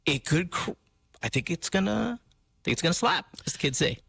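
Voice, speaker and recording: A man's voice: a little high, very animated, brisk, creaky, a bit bright, husky, no room sound. A man hosting a radio show, talking in a playful, jokey way. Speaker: radio host. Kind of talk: casual radio banter. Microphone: studio microphone.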